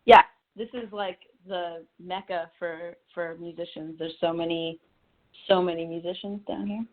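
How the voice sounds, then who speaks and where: A woman's voice: lowish voice, steady tone, moderate pace. Young woman on a tinny phone line. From Connecticut. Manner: chatty, laughs easily, restarts often. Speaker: singer-songwriter guest. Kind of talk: phone interview.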